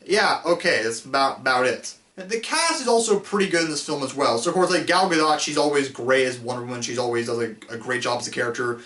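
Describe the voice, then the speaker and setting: A man talking through a casual film review, rambling, restarting his sentences and laughing now and then. His voice sits somewhat high. He sounds set back from the mic in a roomy, echoey space. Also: a bit bright, distant mic. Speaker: host reviewing films.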